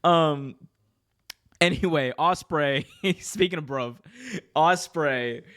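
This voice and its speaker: A man co-hosting a casual wrestling preview podcast, animated and jokey. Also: on the high side, slow. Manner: animated, jokey, puts on mock accents. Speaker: podcast co-host.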